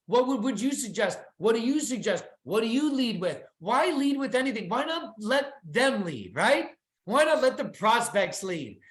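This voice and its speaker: An excitable presenter giving a weekly company update in an enthusiastic sales-pitch manner, sharing slides over a video call. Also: reverberant.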